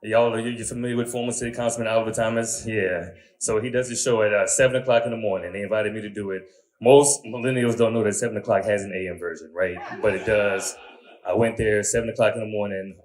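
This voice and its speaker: A man's voice: lowish voice, fairly even intonation, fast. A man in his thirties working a stand-up crowd. He talks in an easy, conversational way, leans into crude punchlines, and keeps tossing short asides to the audience. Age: 30s. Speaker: stand-up comedian. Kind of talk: stand-up comedy set.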